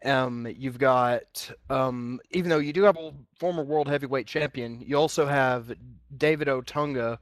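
A man on a podcast with a mid-pitched voice. He talks in a halting way, pausing often and filling gaps. The recording is dry and close. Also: no echo. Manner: halting, many fillers and pauses. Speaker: podcast panelist. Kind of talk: casual chat.

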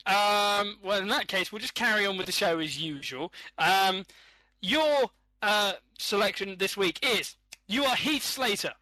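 A man's voice: high voice, measured pace, bright, forceful tone, no room sound. Chatty, laughing male game host. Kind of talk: casual online game show hosting.

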